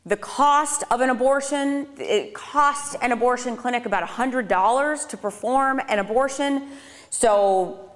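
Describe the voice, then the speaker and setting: Speaking a little slowly in a slightly high voice, a public speaker in her thirties gives a live audience her personal testimony. Her tone is conversational with dry sarcastic asides, and the sound echoes through a lecture hall on her speaking tour.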